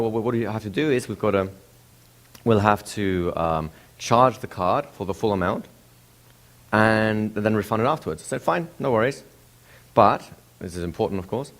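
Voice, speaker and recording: A man giving a lecture, telling a story with rhetorical questions to the audience in an animated way. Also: fairly low pitch. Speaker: seminar presenter.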